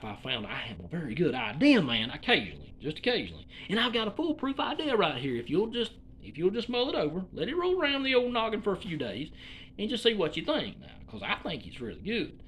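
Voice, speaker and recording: A man from Alabama with a Southern drawl rambles through a comedic monologue, folksy and cussing freely. His voice sits high and leaps all over the place. A faint hiss runs under the recording. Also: a bit bright. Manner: folksy, profane, meandering.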